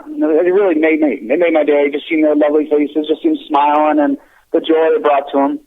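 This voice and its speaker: A man who writes children's books, talking earnestly as a radio guest with many halting restarts. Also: a little high, animated, vocal fry. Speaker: children's book author, guest. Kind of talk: casual interview chat. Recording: tinny phone line.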